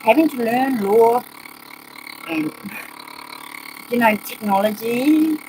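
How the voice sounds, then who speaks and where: A woman's voice: fairly high pitch, slow pace, darkish tone, a little hiss or hum, low-quality recording. A woman with a New Zealand accent, ranting agitatedly in a rambling monologue and swearing often.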